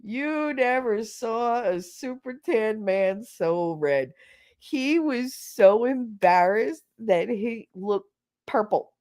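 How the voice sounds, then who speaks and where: A middle-aged woman tells a story casually on her podcast. She is blunt and swears freely. She laughs as she talks, and her voice sits at an ordinary pitch for a woman. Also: a little mellow. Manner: blunt and profane, laughing through the tale. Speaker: podcast host.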